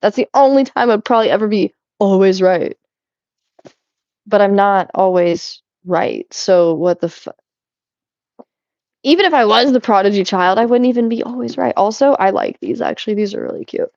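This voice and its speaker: A young woman rambles as she tidies, chatty and quick to cut herself off with a laugh. The sound is dry and a little muffled, like a home setup with a modest mic. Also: mid-range voice, expressive, darkish tone, dry recording. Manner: rambling, chatty, self-interrupting, laughs often. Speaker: vlogger. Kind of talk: casual chat while cleaning.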